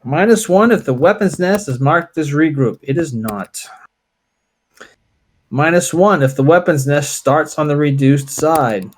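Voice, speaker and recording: A man playing a tabletop wargame, calling out dice results and unit moves in a relaxed, deliberate way. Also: a little high, slight background noise. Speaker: wargame player. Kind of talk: casual play-through commentary.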